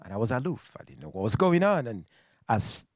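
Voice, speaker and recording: A man from Nigeria with a Nigerian accent, telling a personal story on stage to a live audience in a reflective, wry way with dramatic pauses. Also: medium pitch, very animated, dry recording.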